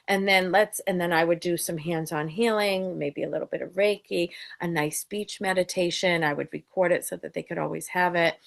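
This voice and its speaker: A woman with a low, gravelly voice talks casually. She tells stories and slips into the voices of the people she quotes. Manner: storytelling, acts out quoted voices. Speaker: co-host. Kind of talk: casual chat.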